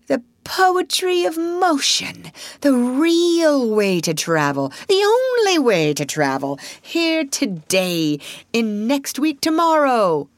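A woman reading aloud while voicing Toad, a conceited male toad who talks in a dreamy, breathless swoon, high and slow. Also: very animated, no room sound. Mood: rapturous. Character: rapturous conceited male Toad, motor-car mad. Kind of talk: storybook reading.

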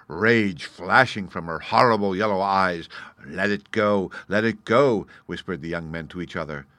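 Man reading a folk tale out loud, steady and expressive, deepish voice, no room echo at all. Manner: measured, expressive storytelling. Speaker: audiobook reader. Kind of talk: storybook narration.

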